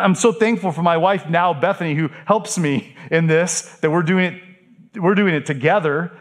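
Earnest high-voiced male pastor preaching. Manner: earnest, candid preaching with frequent rhetorical questions. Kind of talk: sermon.

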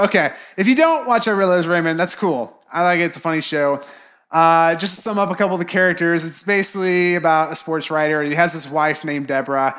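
A young man with a notably high voice preaches in a relaxed, conversational way. He slips into little acted-out voices to play people's reactions. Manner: casual, animated, acts out quoted reactions. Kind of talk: sermon.

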